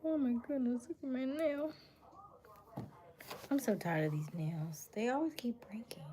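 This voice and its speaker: A woman's voice: a little high, measured pace, mellow. A young adult woman hosting a livestream, chatting casually with viewers and often dropping to a near whisper. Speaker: livestream host reading chat. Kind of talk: casual chat.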